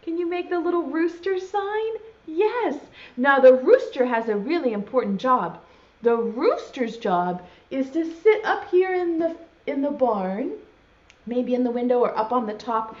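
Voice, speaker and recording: High, lively woman teaching preschoolers. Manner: slow, exaggerated, sing-song teacher talk to small children; uses sign language alongside speech. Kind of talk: virtual preschool circle time lesson. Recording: dull lo-fi sound.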